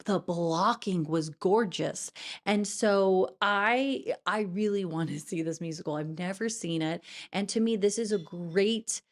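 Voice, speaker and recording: A woman's voice: mid-range voice, measured pace. Woman, theater vlogger, casual reaction chat, chatty, apologetic. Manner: chatty, apologetic, addresses viewers as darlings.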